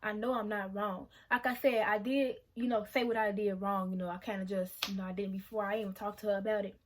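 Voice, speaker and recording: A young woman of about twenty talks straight to her camera, venting in a loose, conversational way. Her voice sits at an ordinary middle pitch. She swears freely as she speaks her mind. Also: flat delivery, fast. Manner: emotional, venting, frank with swearing. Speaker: vlogger. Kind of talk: casual confessional vlog.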